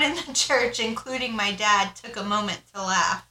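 A woman co-host reads listener letters aloud in a bright voice, stumbling now and then. Between readings she rambles casually with lots of fillers. The room around her is echoey. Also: fairly high pitch, moderate pace, few pauses. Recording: roomy echo.

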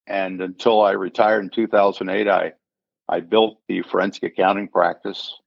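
A man's voice: low-pitched, level tone, moderate pace, creaky, no echo. An older man, a retired forensic accountant, telling a story in an interview and acting out the voices of the people in it. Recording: dull lo-fi sound.

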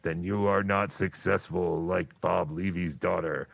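A man's voice: low-pitched, fairly even intonation, unhurried, gravelly, dry recording. A man hosting a casual livestream show, teasing and bossing around his guest. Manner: teasing, mock-bossy. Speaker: podcast host.

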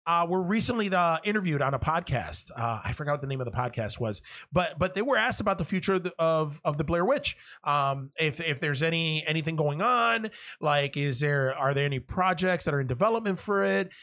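A man's voice: a little high, expressive, a little fast, bright, forceful tone. A man talking in a casual, rambling monologue, swearing often and restarting his sentences a lot. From half Cuban. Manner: rambling, profane, lots of restarts.

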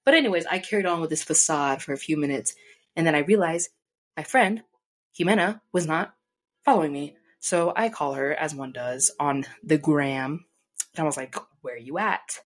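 Young woman, low-pitched, animated, profane, casual storytime vlogger, desk mic. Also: moderate pace. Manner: animated, profane, acts out quoted people.

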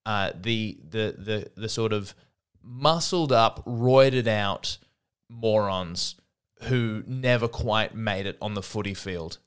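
A man hosting his own comedy podcast, rambling and self-deprecating, jumping his pitch up for emphasis. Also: takes it slowly, clear, resonant tone. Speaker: podcast host. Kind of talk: solo comedic monologue.

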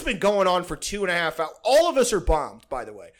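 A man's voice: high voice, wildly swooping pitch, a little fast. Rambling, profane young man telling stories. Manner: rambling and profane, heavy on "like", laughs often. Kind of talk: casual storytelling chat.

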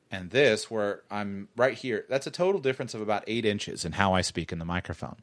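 A middle-aged man with a lowish voice talks close into a studio mic, the sound dry and near. He rambles through tips as a show host and keeps catching and correcting himself. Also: lively intonation, a little fast, few pauses, no echo. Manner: chatty, rambling, self-correcting rant. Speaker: podcast host. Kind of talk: casual monologue with public speaking tips.

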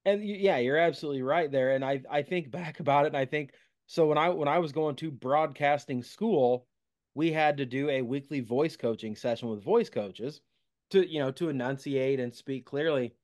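A man hosting a casual podcast interview, telling stories in a relaxed, self-deprecating way. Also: on the high side, normal speed. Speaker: podcast host.

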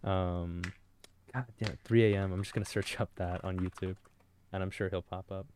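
Low-voiced man with dry reactions. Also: fairly even intonation, normal speed, darkish tone, slight background noise. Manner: dry, terse reactions, laid-back. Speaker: podcast co-host. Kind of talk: casual chat.

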